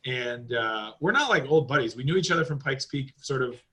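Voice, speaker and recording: A man's voice: mid-range voice, lively intonation, fairly quick, pushed and bright, rough recording. A man on a podcast as a guest, chatting casually in a rambling way, with lots of fillers and loose swearing. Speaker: podcast guest, driving school owner.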